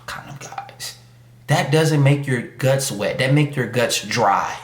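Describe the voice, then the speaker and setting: Speaking at a measured pace in a mid-range voice, this YouTube commentator rants casually and emphatically, using slangy street talk and mocking asides in put-on voices. The sound is roomy.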